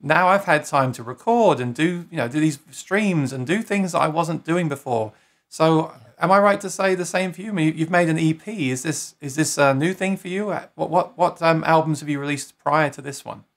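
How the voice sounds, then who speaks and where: A man's voice: on the high side, normal speed. A man from New York City hosting a casual live-stream interview, chatty and enthusiastic, greeting viewers as he goes. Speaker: host.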